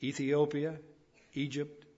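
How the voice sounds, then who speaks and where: A man delivers a sermon in a folksy, plainspoken way, swelling to emphatic peaks before sinking low again. His voice sits a little high and sounds husky. The recording is dull and lo-fi. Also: little pitch movement, takes it slowly, dark tone. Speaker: preacher.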